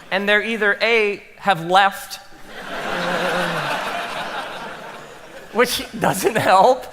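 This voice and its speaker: Animated high-voiced man in a big hall. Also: slight background noise. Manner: animated, acts out his own thoughts, drops to soft asides. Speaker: pastor. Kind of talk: talk to pastors, animated storytelling.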